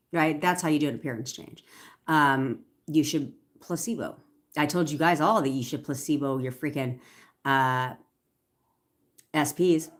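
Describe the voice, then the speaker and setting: A woman's voice: low voice, steady tone, normal speed. A young woman coaching viewers in a casual livestream Q&A, chatty and upbeat, repeating affirmations. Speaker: manifestation coach.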